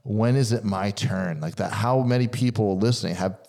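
A man's voice: on the low side, normal speed, creaky, darkish tone. A young adult man hosting a podcast, talking enthusiastically and rambling a little as he chats with his guest. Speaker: podcast host. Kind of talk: casual podcast interview.

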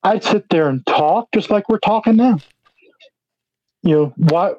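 A man with a slightly higher pitch talks as a guest in a casual interview, wandering through his points with constant "you know" fillers. He is from New Jersey and works as an independent wrestler. The recording sounds dull and lo-fi, dry and close. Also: measured pace, dry recording. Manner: rambling, heavy use of "you know" fillers.

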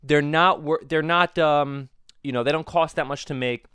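A young man in casual comic chat, arguing and swearing in a lively way. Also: a little high, moderate pace, clean tone, no echo, studio quality. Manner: animated, swearing, argumentative.

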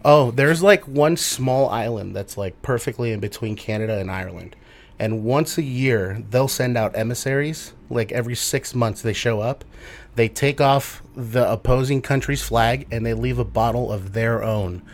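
Man, guest comedian, casual, rambling, jokey, mid-pitched. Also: moderate pace. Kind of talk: casual podcast chat.

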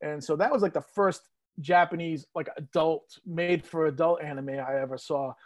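This podcast guest, the host's father or uncle, is a New England man in his fifties whose voice is a little high and whose pace is normal. He rambles through his memories casually, leaning on lots of fillers, and the recording has no room sound.

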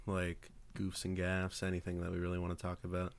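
A man's voice: sits low, monotone, brisk. A man hosting a casual gaming podcast, easygoing and chuckling as he talks. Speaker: podcast host. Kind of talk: casual chat.

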